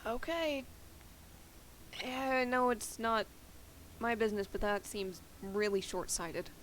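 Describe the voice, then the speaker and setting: A woman's voice: fairly high pitch, slow, slight background noise. A woman playing in a tabletop game, speaking in character in a skeptical, questioning way. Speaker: player.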